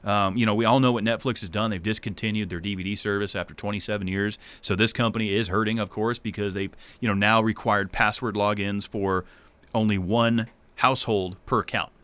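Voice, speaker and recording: Fast-talking New England man, bright voice. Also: fairly low pitch, fairly even intonation, clear, resonant tone, dry recording. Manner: quick, opinionated, swears casually. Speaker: co-host. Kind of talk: casual podcast chat.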